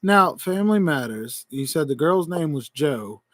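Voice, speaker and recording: A man hosting a call-in show in casual chat, excitable and laughing often, stumbling over his words. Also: a little high, a little slow, no echo. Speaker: host.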